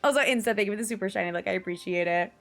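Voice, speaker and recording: A woman's voice: mid-range voice, racing, vocal fry, fairly bright tone, faint music behind. A young woman from the New area, chatting casually to her stream viewers, swearing freely and laughing often. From New York / New Jersey area. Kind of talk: casual chat to viewers while gaming.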